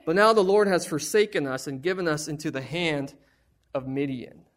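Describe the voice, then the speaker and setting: A man's voice: a little high, normal speed, natural voice. A man voicing doubtful, pleading Gideon. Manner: pleading, questioning. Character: Gideon, doubtful young male warrior.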